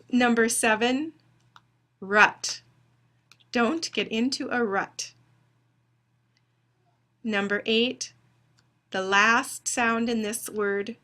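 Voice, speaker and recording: Woman instructor, recorded lecture: slow, deliberate delivery with a bright, crisp tone, dictating words one at a time. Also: a little high. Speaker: phonetics instructor.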